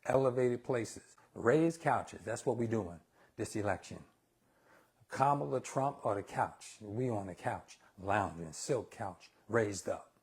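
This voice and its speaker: A man's voice: fairly low pitch, expressive, takes it slowly, a little mellow, breathy edge. A man hosting a casual live cooking stream, talking bluntly and opinionated to viewers he calls y'all. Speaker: cooking show host.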